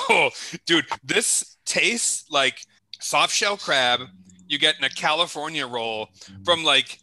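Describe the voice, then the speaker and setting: A man's voice: fairly high pitch, animated, slow, bright, forceful tone, dry recording, low-quality recording. A man co-hosting a casual chat while tasting snacks, swearing freely and exclaiming at the flavors. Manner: profane, exclaiming, joking. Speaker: podcast co-host tasting snacks.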